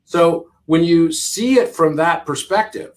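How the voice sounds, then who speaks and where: A middle-aged man with a notably high voice talks as a podcast guest. He explains number patterns eagerly, repeating key figures for emphasis and laughing now and then. The tone is casual conversation. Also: measured pace.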